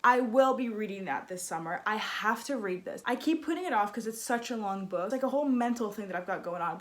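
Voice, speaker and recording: A woman's voice: mid-range voice, fairly bright tone. A young woman vlogging about books in a casual, gushing, self-mocking way. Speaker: book vlogger. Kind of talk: casual chat.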